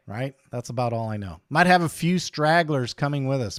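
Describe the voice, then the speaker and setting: A man's voice: mid-range voice, moderate pace, no room sound, studio quality. A man hosting a casual livestream, chatty and blunt, joking and ranting while he reads viewer comments. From United States. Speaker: livestream host.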